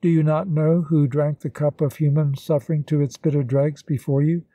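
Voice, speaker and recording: A man reading the lines of an earnest young woman in an audiobook, speaking solemnly and in measured phrases. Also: fairly high pitch, flat delivery, dark tone, no echo. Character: earnest young woman renouncing her love.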